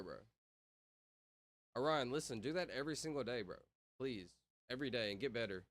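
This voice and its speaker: A man's voice: mid-range voice, lively intonation, fairly quick, a bit bright. A young man streaming from home, chatting casually and rambling with lots of "like" and "bro". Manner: rambling, filler-heavy, says "like" and "bro" constantly. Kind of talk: casual livestream chat.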